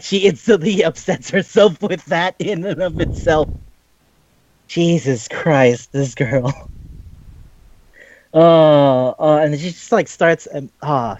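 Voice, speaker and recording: A man's voice: a little high, slow, no echo, highs cut off. A man co-hosting a casual chat, recapping an anime with lots of swearing and quoted voices. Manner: profane, animated retelling with quoted voices. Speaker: podcast co-host.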